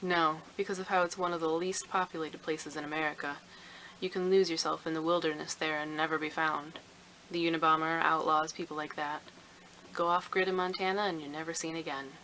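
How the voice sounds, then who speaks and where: A woman reading the lines of a blunt, chatty male cab driver in a storybook excerpt, in her own low, bright voice. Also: little pitch movement, fairly quick, a little hiss or hum, poor audio.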